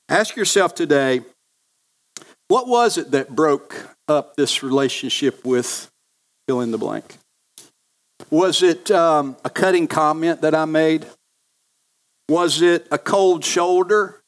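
A man's voice: a little high, lively intonation, takes it slowly, pauses often. A male pastor preaching a sermon, earnest and repeating key phrases for emphasis.

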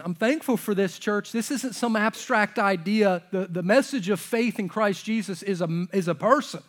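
High-voiced man preaching a sermon. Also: normal speed, few pauses. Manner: swings from loud emphatic to hushed, near-whispered lines. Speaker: pastor. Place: church stage.

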